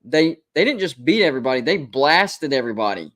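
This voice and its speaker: A man's voice: mid-range voice, big pitch swings, brisk, fairly bright tone. A man hosting a live college football stream, talking casually, emphatic and repetitive as he defends his predictions. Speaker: college football show host. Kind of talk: live-stream sports commentary.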